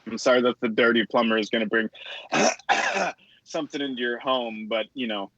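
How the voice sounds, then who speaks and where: A man's voice: mid-range voice, normal speed, fairly bright tone, dry recording, rough recording. A man co-hosting a podcast, a plumber telling profane stories in casual chat and acting out his customers. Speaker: podcast co-host.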